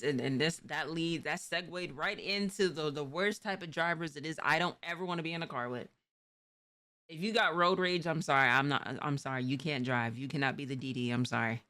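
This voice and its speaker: A woman from New York with a low, sharp voice hosts a stream, chatting casually about driving. Her talk is rambling and slangy, with many restarts.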